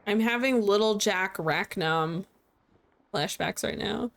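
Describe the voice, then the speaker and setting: A woman's voice: medium pitch, slow, gravelly. A sleepy young woman streaming a game, joking around, laughing and chatting with her viewers. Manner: chatty, joking, laughs often, reads chat aloud. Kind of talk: casual live-stream game commentary.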